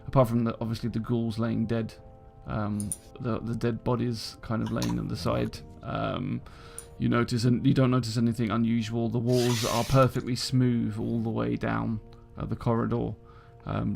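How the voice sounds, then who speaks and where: A man with a gravelly voice narrates a tabletop game as dungeon master. He pauses often and fills the gaps with ums. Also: medium pitch, level tone, darkish tone, faint music behind. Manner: halting, lots of ums.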